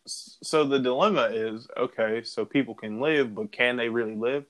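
A man's voice: medium pitch, moderate pace, a bit bright. A man co-hosting a casual talk recording, talking loosely with slang and laughing often. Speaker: podcast co-host. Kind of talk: casual chat.

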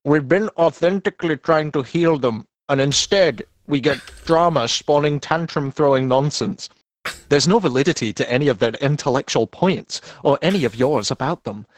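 A man's voice: on the high side, moderate pace, no room sound. A man co-hosting a podcast, reading a statement aloud in a mocking tone and often breaking into laughter.

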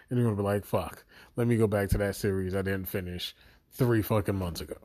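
Profane, animated man reviewing a series. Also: fairly low pitch, a little fast, dry recording, clean studio sound. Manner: profane, animated storytelling with acted inner voices. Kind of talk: casual spoken review.

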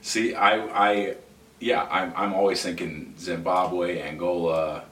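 Deep-voiced man, jokey and laughing. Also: fairly even intonation, a bit bright. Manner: jokey, laughs often, halting restarts. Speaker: lead pastor, podcast co-host. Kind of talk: casual chat. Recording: roomy sound from a distant mic, faint noise.

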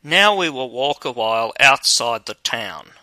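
A man's voice: medium pitch, lively intonation, unhurried, sharp tone, no echo. A man voicing a hungry, tired, trusting dog in a fairy tale, in a plain, weary manner.

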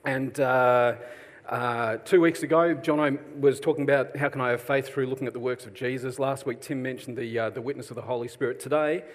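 Middle-aged Australian man, relaxed self-deprecating sermon delivery, long reverb of a church hall. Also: mid-range voice, brisk. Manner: chatty, self-deprecating, jokes with the congregation. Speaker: preacher.

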